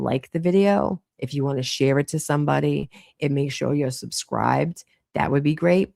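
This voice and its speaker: Gravelly-voiced Boston woman streaming late. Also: deep voice, a little mellow, no echo, studio quality. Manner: effusive, rambling, swears casually. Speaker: livestream host. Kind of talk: casual late-night livestream chat.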